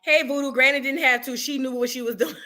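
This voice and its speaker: Woman streamer chatting with viewers, aave, high bright voice, loud one sec then muttering. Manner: animated, chatty, swings between loud exclamations and muttered asides. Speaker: livestream reaction host. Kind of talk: casual livestream chat reading super chats.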